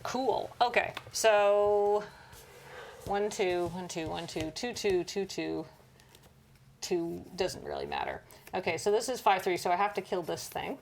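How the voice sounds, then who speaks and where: A woman playing a card game on a stream, thinking aloud and counting out loud. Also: fairly low pitch, big pitch swings, unhurried, gravelly, slight background noise. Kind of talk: casual game play chat.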